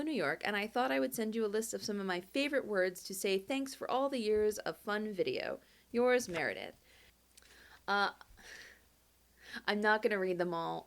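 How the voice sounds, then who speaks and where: A woman chatting casually as she reads out viewer postcards, animated and quick to jump up in pitch with delight. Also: vocal fry. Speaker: video creator reading fan mail. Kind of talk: casual chat, reading postcards aloud.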